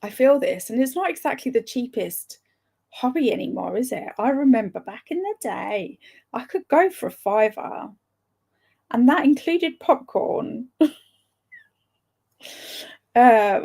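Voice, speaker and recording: A woman's voice: mid-range voice, vocal fry, darkish tone. A young woman hosting a live stream, chatting casually, laughing often and answering viewer comments. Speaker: livestream host.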